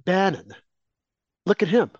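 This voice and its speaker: Talk-show co-host, man with a fairly high voice, heated and emphatic, dull dry recording. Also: very animated, measured pace, darkish tone, slightly rough, no echo. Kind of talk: opinionated political commentary.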